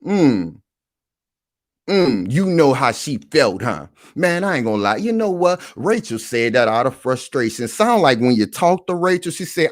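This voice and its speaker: Man, commentary host, animated and repetitive, medium-pitched voice, dry close sound. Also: unhurried, no echo. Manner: animated, repetitive, addresses the audience directly. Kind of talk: live reaction commentary.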